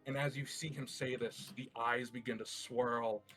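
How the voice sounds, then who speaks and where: A man narrating a tabletop game as game master, animated and descriptive. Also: mid-range voice, moderate pace, soft background music.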